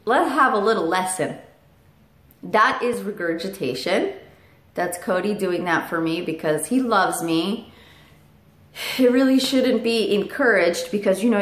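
A woman's voice: fairly low pitch, reverberant. A woman vlogger telling a casual story to camera at home, chatty, with fillers and asides to her parrot.

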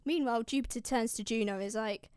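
A woman's voice: fairly high pitch, quick pace, a little mellow, clean tone, no echo, studio quality. Slangy, chatty woman recapping a classic epic. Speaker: classics video host. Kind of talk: casual myth recap.

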